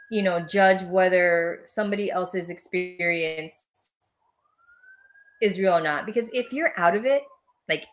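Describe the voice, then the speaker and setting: A woman talking as a guest on a podcast, animated and quick to laugh, sometimes acting out voices as she explains. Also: mid-range voice. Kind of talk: casual interview chat.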